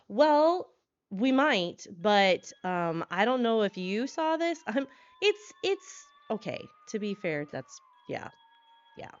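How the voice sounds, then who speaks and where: A woman streamer chatting casually with her live chat. She is bubbly and scattered, and she greets people with excited squeals. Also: medium pitch, clear, resonant tone. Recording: dull lo-fi stream audio with faint music.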